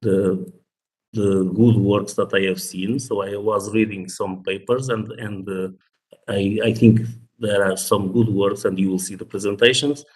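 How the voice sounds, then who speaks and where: Male conference chair, low voice, hesitant delivery, reads titles off a list, video-call mic. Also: fairly even intonation, low-quality recording. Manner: halting, reading out paper titles with frequent restarts. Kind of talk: introducing speakers at an online academic conference. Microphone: computer microphone on a video call.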